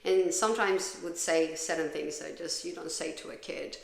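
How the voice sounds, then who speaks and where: A woman's voice: deep voice, moderate pace, vocal fry, roomy sound. A woman hosting a podcast, telling her own story in a raw, profane, confessional way. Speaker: podcast host. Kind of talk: candid personal storytelling.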